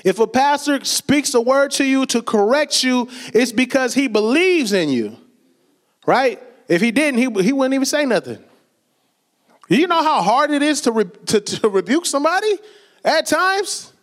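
High-voiced preacher telling stories. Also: male voice, expressive, normal speed. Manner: conversational storytelling with laughs and acted quotes. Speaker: pastor. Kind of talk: sermon.

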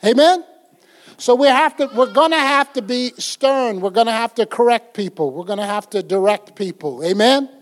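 A man's voice: very high voice, animated, normal speed. An older man preaching a folksy, conversational sermon, acting out little scenes as he goes. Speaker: pastor.

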